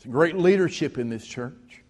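A man's voice: fairly high pitch, expressive, normal speed, long reverb tail. A man, preaching a sermon as pastor, telling stories with rising emphasis. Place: church sanctuary.

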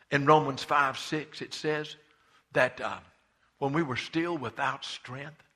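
A man preaching a sermon with fervor, swinging between loud impassioned cries and quiet, hushed asides. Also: mid-range voice, husky. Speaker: pastor.

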